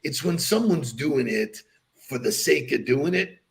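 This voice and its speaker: A man's voice: medium pitch, expressive, a little slow, creaky. A man co-hosting a podcast in casual chat, playful and laughing often. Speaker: podcast co-host.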